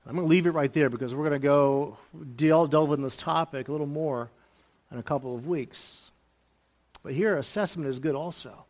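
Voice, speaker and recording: Fairly high-voiced male preacher, hushed to emphatic. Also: moderate pace. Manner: shifts between hushed, soft lines and raised, emphatic ones; repeats key phrases for emphasis. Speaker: pastor. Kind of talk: sermon.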